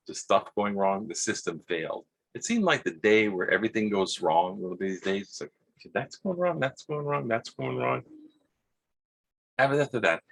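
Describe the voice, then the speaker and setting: A man with a Hawaiian accent telling a rambling personal story, halting, repeating words and acting out quotes in a husky voice. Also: on the low side, a bit bright. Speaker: vlogger.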